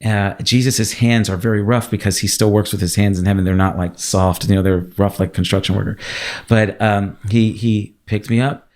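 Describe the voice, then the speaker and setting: A man's voice: on the low side, steady tone, normal speed, darkish tone. A man sharing an emotional personal testimony as a guest, telling his story with laughter and acted-out quotes.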